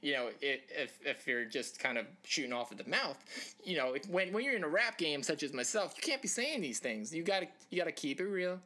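A man's voice: a little high, big pitch swings, brisk, bright, forceful tone. A man co-hosting a casual sports chat show, rambling with jokes and lots of fillers. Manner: rambling, joking asides, many fillers. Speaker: podcast co-host.

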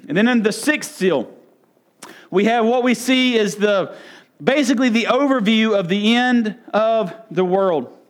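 A man preaching through a Bible passage, earnest and explanatory, with frequent fillers and throat clearing. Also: sits high, animated, unhurried. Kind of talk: Bible teaching sermon.

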